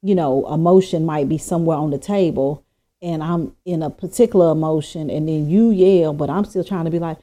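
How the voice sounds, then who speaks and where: A woman co-hosting a podcast, talking in a casual, animated way and acting out quoted speech. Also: low voice, brisk. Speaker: podcast co-host. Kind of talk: casual chat. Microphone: podcast microphone.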